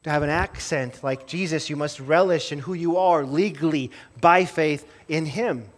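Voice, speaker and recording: A man preaching a sermon as pastor, earnest, rising to emphatic stress and then dropping low and soft. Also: moderate pace.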